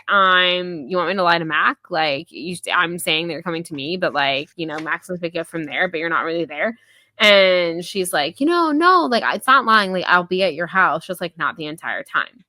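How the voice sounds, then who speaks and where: A woman hosting a podcast, chatting casually about a book, full of fillers and quick voiced quotes from the characters. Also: lowish voice, sharp tone, dry recording. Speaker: podcast host. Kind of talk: casual book review chat.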